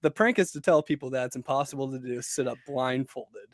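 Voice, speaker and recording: A man's voice: medium pitch, quick pace, no room sound, clean studio sound. A young man co-hosting a podcast in casual chat, full of fillers and laughing through lines. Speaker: podcast co-host.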